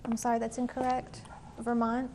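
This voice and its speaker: A woman moderating a quiz competition, reading questions and rulings in a measured, formal way with an occasional "um". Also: fairly high pitch, completely flat delivery, noisy background.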